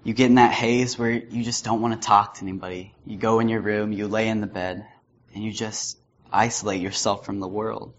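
Young man preaching, low and muffled. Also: flat delivery, a little fast. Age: young adult. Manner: storytelling, chuckling at his own anecdotes. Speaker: student preacher. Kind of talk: sermon with personal story. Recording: slightly muffled with faint noise.

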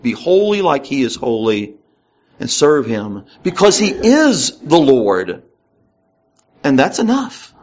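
A man's voice: medium pitch, lo-fi sound. A man preaching a conversational Bible lesson, reading verses aloud with rising emphasis between casual asides. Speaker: pastor. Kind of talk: Bible teaching sermon.

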